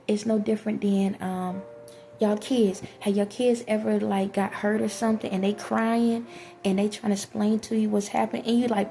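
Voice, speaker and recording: Low gravelly woman, flat earnest monologue. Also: normal speed, a little hiss or hum. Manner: earnest, rambling, addresses viewers directly. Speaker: vlogger. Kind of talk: spiritual monologue to viewers.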